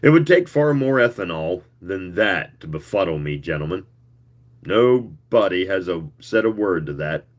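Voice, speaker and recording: A man voicing a weary giant male alien scout who talks in slow, stiff, oddly accented formal speech. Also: sits low, animated.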